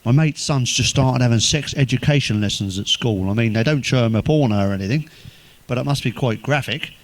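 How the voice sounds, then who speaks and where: Crude, swearing comedian. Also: male voice, mid-range voice, a little fast, a little hiss or hum. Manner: crude, swears constantly, laughs at own jokes; deadpan one-liners. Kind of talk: stand-up joke telling.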